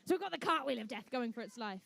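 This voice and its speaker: High-voiced playful woman commentator. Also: lively intonation, very fast, creaky, a bit bright. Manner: playful, jokey, chatty with teams. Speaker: event emcee and commentator. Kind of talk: live competition commentary. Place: indoor conference venue.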